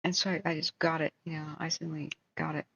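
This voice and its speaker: Hosting a livestream, this woman tells a long, meandering tale with lively energy, often wandering off into asides. Her voice is deep and fast, and the recording sounds muffled with a little hiss or hum.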